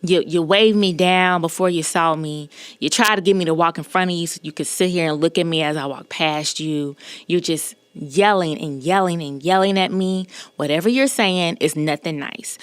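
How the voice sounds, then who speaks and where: A woman hosting a podcast, telling a personal story in an emphatic, animated way and often checking in with the listener. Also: fairly low pitch, moderate pace, clear, resonant tone, no room sound. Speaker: podcast host.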